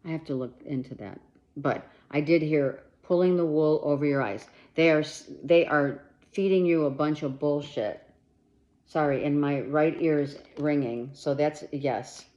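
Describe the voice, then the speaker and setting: A woman's voice: low-pitched, moderate pace, darkish tone, lo-fi sound. A woman giving a monthly tarot reading straight to the listener, blunt and emphatic, swearing freely and urging them on. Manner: talks straight to the listener with urgent reassurance. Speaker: tarot reader.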